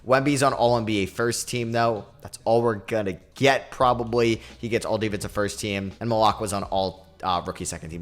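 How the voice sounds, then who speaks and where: A young man narrates his basketball video game as he plays, reacting out loud. He drops into low, muttered asides and then jumps into loud, high yells when things go right or wrong. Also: brisk, few pauses. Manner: excitable, swings between mumbling and yelling. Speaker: gaming YouTuber.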